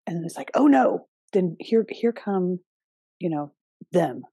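A woman hosting a podcast, talking in a relaxed, conversational way with casual fillers and the odd swear word. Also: lowish voice, measured pace, breathy edge, no echo. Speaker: podcast host. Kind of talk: casual spoken monologue.

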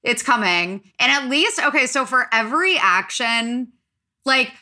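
A young adult woman hosting a podcast in casual chat, talking quickly with lots of fillers and animated asides. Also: fairly high pitch. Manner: chatty, filler-heavy, animated. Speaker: podcast host.

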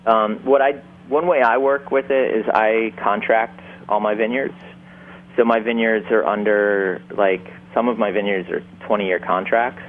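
A man's voice: lowish voice, fairly even intonation, a little slow. A man from Upstate New York, a winemaker, talking casually in an interview with many fillers and restarts. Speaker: winemaker guest. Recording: tinny phone-like line.

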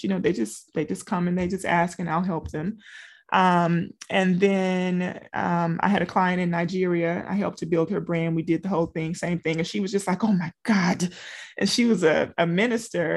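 Gravelly-voiced chatty woman coach. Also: on the low side. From small-town Louisiana. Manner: chatty, talks straight to listeners with frequent asides. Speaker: business coach. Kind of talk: casual motivational talk.

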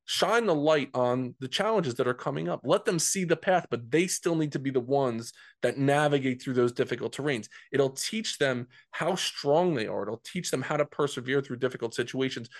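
A man's voice: medium pitch, lively intonation, normal speed, no echo, studio quality. A man from New Jersey, a men's coach telling a personal story as a podcast guest, earnest and conversational, often repeating words.

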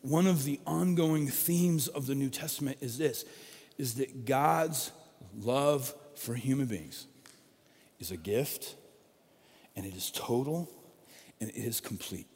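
A man's voice: medium pitch, slow, pauses often, a little mellow, slightly rough, big-room sound. A middle-aged man, a pastor, delivering a conversational sermon that rises into emphatic, repeated stresses.

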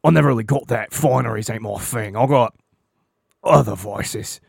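A man voicing a twitchy male addict who is begging for medicine, in a raspy, gravelly drawl. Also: on the low side, moderate pace, dry recording, clean studio sound, voice pushed down, heavily acted. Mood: wheedling.

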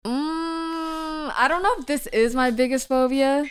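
A woman's voice: high-pitched, steady tone, unhurried, a little hiss or hum. A young woman from the Bay Area hosting a casual chat, easygoing and agreeable, laughing often.

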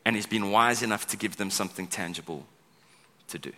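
A man preaching a sermon as pastor, chatty and animated, often checking in with "right?" and acting out quoted lines. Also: on the low side, a little fast. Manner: conversational, keeps asking "right?"; acts out quoted speech with big vocal swings. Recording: long hall reverb.

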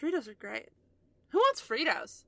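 A young woman playing a tabletop role-playing game, playful and excitable, often cutting in with jokes. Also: high voice, moderate pace, creaky, dry recording. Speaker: player. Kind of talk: casual tabletop game play.

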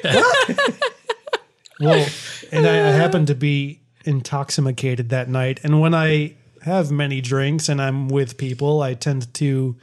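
A man in loose, casual chat who rambles from one thought to the next, laughing often and restarting his sentences. His pitch sits at an ordinary, middle level for a man. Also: animated, unhurried.

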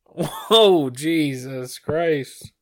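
A man's voice: fairly high pitch, drawn-out words. A man in a casual chat, answering with short agreements and joining the jokes.

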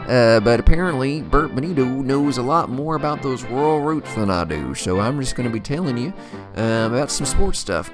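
A man's voice: mid-range voice, close to an everyday voice. A man voicing a clueless male sports reporter who rambles hesitantly. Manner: hesitant, full of uhs.

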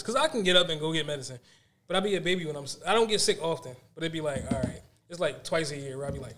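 A man co-hosting a podcast, telling stories in casual chat, animated and full of slang and swearing. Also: fairly high pitch, rapid-fire. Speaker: podcast co-host.

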